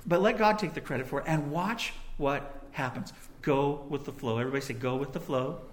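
High-voiced young preacher telling a story. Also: male voice, expressive, fairly quick. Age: young adult. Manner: conversational storytelling with asides. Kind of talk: sermon.

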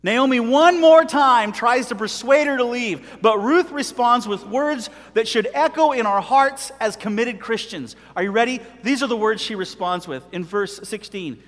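A middle-aged man preaching a sermon with animated delivery, telling stories and acting out voices. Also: very high voice, moderate pace, few pauses, big-room sound. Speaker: pastor.

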